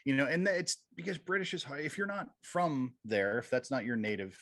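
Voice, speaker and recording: A man chats on a panel in a conversational way, often restarting his sentences. His pitch is ordinary and the sound is close and dry. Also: brisk, a bit bright, dry recording. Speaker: filmmaker. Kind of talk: casual panel chat.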